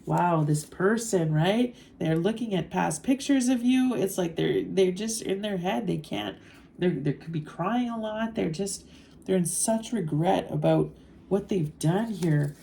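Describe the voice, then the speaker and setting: A woman doing a channeled tarot reading in a low, warm voice. She talks slowly and thoughtfully, pausing on soft fillers. A faint hiss sits under the recording. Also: creaky. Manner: slow, musing, with soft fillers. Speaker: tarot reader.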